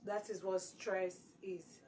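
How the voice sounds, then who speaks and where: A woman's voice: medium pitch, fairly even intonation, slow pace, a little mellow, rough recording. A woman teaching exam prep, repeating key words with strong emphasis. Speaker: English teacher.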